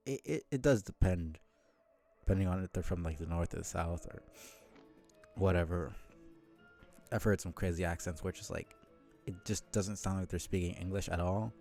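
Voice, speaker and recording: A man's voice: sits low, creaky, darkish tone, no room sound. A man streaming live, chatting casually in a rambling way with casual swearing.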